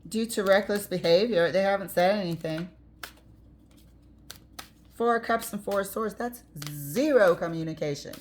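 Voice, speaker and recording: A woman's voice: mid-range voice, moderate pace, pauses often, slight background noise. A woman giving a casual tarot reading, chatty and blunt, with the odd swear word and easy laughter. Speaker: tarot reader.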